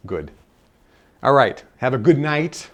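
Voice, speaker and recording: A man's voice: medium pitch, sing-song, slow. A man speaking at a live self-help seminar, earnest and repeating his key phrases for emphasis. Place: seminar room with a live audience.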